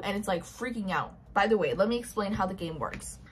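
A woman's voice: medium pitch, fairly quick, hardly any pauses, slight background noise. A young woman casually recapping a novel, chatty and gushing, acting out the characters' lines herself. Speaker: book reviewer. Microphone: built-in mic.

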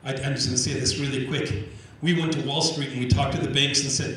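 Before a crowd in a large event room, an Indigenous organizer from Canada delivers a public talk fast and with hardly any pauses, performing the conversations he recounts. He repeats words as he restarts sentences. His medium pitch comes from far off the mic, with very roomy echo, faint ambience and slight background noise.

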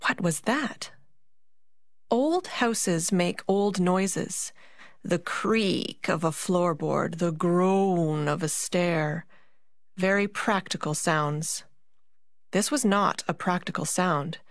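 A woman narrating a fairy tale for a concert, slow and deliberate with dramatic pauses. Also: lowish voice, no echo, clean studio sound. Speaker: narrator and puppeteer.

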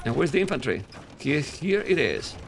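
Excitable Spanish-accented male game caster. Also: on the high side, moderate pace, gravelly, slight background noise. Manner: excitable, talks to viewers as guys, bursts into yelling at players. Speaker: esports caster. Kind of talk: live game commentary.

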